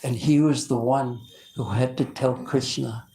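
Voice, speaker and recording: A male preacher telling devotional stories in a lively sermon, often stopping and restarting his sentences. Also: medium pitch, measured pace, slight background noise, low-quality recording. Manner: animated, with frequent restarts.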